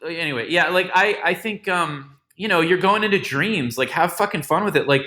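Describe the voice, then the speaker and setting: Bright-voiced man rambling and swearing. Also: fairly high pitch, moderate pace. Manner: rambling, profane, many restarts. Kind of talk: casual chat.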